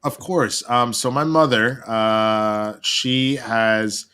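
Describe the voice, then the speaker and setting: A man from Texas, a guest actor, chatting casually on a video call and telling animated, profane stories. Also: mid-range voice, slow pace, clean tone.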